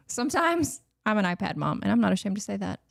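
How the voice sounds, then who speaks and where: A woman's voice: mid-range voice, very animated, creaky, no echo. A woman, a guest chatting frankly and joking on a morning show. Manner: frank, quick to joke. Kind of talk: casual chat.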